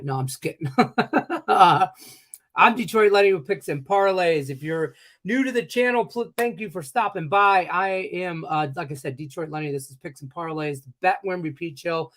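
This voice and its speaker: Forties guy hosting a betting show, kinda high voice, jokey and rambly, got the hiccups. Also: moderate pace, fairly bright tone. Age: 40s. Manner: upbeat, joking, rambling asides. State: has the hiccups. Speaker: sports betting show host. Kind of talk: casual live show hosting.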